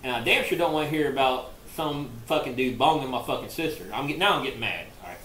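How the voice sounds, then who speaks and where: A man's voice: mid-range voice, expressive, fast, pushed and bright. A man on a podcast telling a long, crude story in a rambling way, full of profanity and "like". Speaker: podcast co-host. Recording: echoey room with faint noise.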